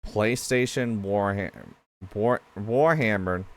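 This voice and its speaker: A man hosting a casual reaction to game trailers, excitable, laughing often and swearing freely. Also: lowish voice, slow, soft background music. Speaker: gaming reaction host.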